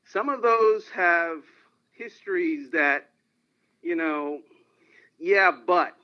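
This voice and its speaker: A man's voice: on the high side, expressive, slow. A man telling anecdotes as a guest in an interview. He tells them animatedly and often laughs. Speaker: sportswriter guest. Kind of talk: phone-in interview storytelling. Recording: dull lo-fi line.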